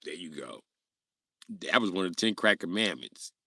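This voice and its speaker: A man's voice: low voice, expressive, normal speed, pushed and bright, breathy edge, no echo, clean studio sound. A man chatting casually on his live stream, joking and cursing freely. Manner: crude, profane, joking. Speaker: livestreamer.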